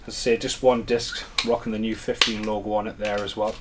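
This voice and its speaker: A man's voice: fairly low pitch, flat delivery, brisk, noisy background. Man chatting through an unboxing. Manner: chatty, rambling, enthusiastic. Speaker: home media collector vlogger. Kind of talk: casual unboxing chat. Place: at home.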